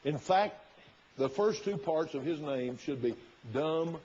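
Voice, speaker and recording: A man's voice: a little high, expressive, slow, a little mellow, breathy edge. Folksy preacher man, lo-fi sermon. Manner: folksy, retells the story with quoted inner thoughts. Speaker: pastor.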